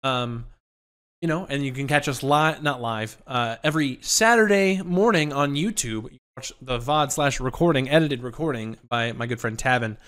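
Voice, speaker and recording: A man's voice: mid-range voice, normal speed, fairly bright tone, clear, resonant tone. A man hosting a casual gaming podcast, rambling with lots of fillers and self-deprecating jokes into a desk mic. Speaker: podcast host.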